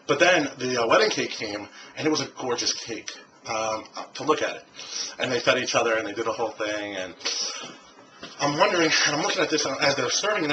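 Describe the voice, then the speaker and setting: A man's voice: medium pitch, noisy background. A man vlogging in a rambling, casual way, full of fillers and restarts, recorded on a handheld camcorder. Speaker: video blogger. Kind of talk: casual vlog monologue. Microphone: handheld camcorder mic.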